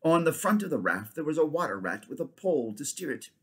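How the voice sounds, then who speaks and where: A man reading a children's novel aloud, steady but with frequent restarts and slips. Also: a little high, fast, husky. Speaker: reader.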